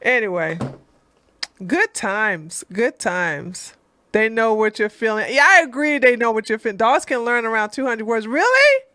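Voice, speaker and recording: A woman's voice: on the high side, sing-song, measured pace, sharp tone, no room sound. A woman hosting a livestream, chatting casually in a rambling way, laughing often and answering viewer comments. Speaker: livestream host.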